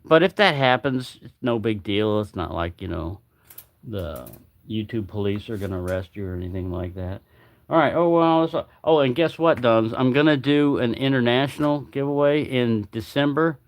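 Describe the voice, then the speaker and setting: Male livestream host, rambling chatty delivery, dry close sound, mid pitch. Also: moderate pace, no echo. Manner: rambling, chatty, repeats himself. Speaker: knife channel host. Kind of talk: casual livestream chat.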